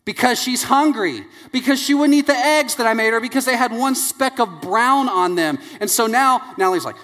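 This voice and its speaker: A man in his thirties preaching a sermon, telling family stories and acting out their voices with lively energy. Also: very high voice, normal speed. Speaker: pastor. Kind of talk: sermon with anecdotes. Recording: long hall reverb.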